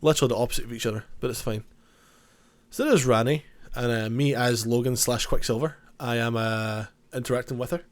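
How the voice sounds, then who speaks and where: A man's voice: medium pitch, steady tone, fairly quick. A man with a cold, giving casual, joking gameplay commentary, self-mocking and swearing now and then. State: has a cold. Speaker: gaming YouTuber.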